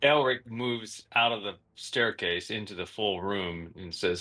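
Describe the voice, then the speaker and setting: A man's voice: on the low side, measured pace, pushed and bright. A man playing a tabletop game, describing his character matter-of-factly. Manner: plain, matter-of-fact narration of his character. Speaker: player.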